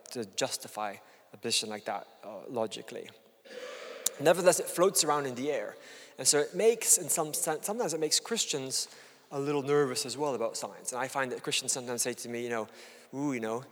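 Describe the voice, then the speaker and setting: A middle-aged man giving a public lecture to an audience, explaining in an earnest, measured way. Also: mid-range voice. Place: lecture hall before an audience. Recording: long hall reverb.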